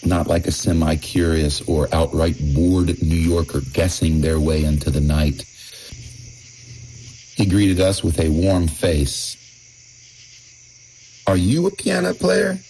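A man's voice: low voice, a little mellow, a little hiss or hum, low-quality recording. A man narrating a personal anecdote in the first person, in a wry, emphatic manner. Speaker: storyteller.

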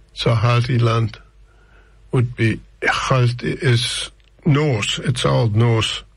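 Slow, gravelly older man. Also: mid-range voice, no room sound. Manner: rambling, digressive, with frequent restarts. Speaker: radio presenter. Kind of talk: casual radio track introductions.

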